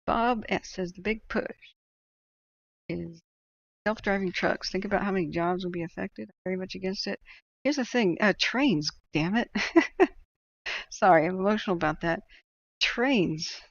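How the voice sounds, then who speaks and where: Woman streamer with a husky-edged fry, casual and opinionated as she reads chat, on a muffled mic. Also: mid-range voice, normal speed. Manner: opinionated, chatty, laughs often. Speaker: livestream host reading chat.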